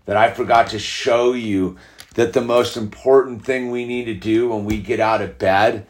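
A man's voice: medium pitch, steady tone, moderate pace. A middle-aged man hosting a podcast, talking in a rambling, heated, casual way, full of "like" and "dude". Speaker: podcast host. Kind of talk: casual spiritual monologue.

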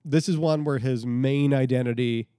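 A man's voice: mid-range voice, fairly even intonation, normal speed, warm tone, dry recording, clean studio sound. Conversational man co-hosting a podcast. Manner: conversational, thinking aloud with restarts. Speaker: podcast co-host. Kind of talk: casual chat.

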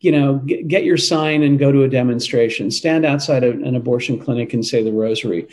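A man's voice: medium pitch, brisk, darkish tone, rough recording. Earnest, emphatic man answering questions. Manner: earnest and emphatic, with frequent restarts. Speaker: interview guest, Catholic advocacy leader. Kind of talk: conversational interview answers.

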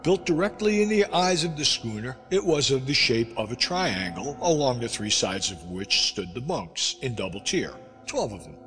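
A man narrating a classic sea novel aloud in an expressive storytelling manner. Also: mid-range voice, normal speed, few pauses. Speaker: audiobook narrator. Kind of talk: scripted narration. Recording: reverberant with music behind.

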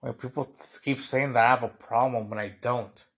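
A young podcast host with a husky, medium-pitched, fairly bright voice rambles through his frustrations in a casual monologue, constantly saying "dude" and "like." He talks a little fast with fairly even intonation.

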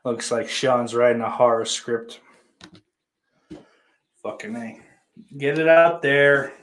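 A man's voice: medium pitch, slow pace, a bit bright. A young man hosting a live stream, reading viewer comments aloud and riffing on them in a profane, rambling, teasing way. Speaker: livestream host reading chat. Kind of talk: casual live-stream chat.

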